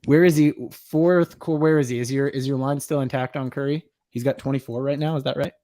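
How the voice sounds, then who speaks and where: A man's voice: mid-range voice, fairly even intonation, brisk, mellow, no room sound, clean studio sound. A man hosting a podcast, chatting casually about a game and running a giveaway, laughing easily and turning upbeat when he announces prizes. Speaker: podcast host. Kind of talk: casual sports chat, watch-party giveaway.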